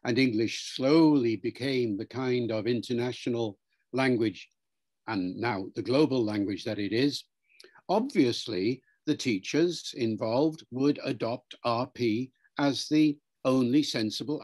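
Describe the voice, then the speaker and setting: A man answering interview questions as a language expert, in a measured, lecturing way. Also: medium pitch, a little mellow.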